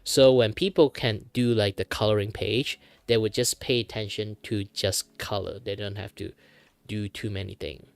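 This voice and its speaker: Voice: mid-range voice, steady tone, moderate pace, gravelly, no room sound. A VTuber from Malaysia, chatting casually while drawing on stream, with many fillers and restarts. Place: home streaming setup.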